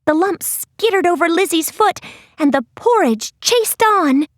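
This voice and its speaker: A woman narrating an audiobook in a gentle, expressive storytelling voice. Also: very high voice, a little slow, no echo, studio quality. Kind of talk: scripted narration.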